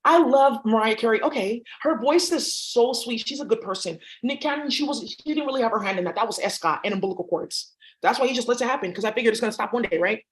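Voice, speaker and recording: A woman's voice: on the high side, quick pace. A woman vlogger talking in a rambling, profane monologue that jumps between topics.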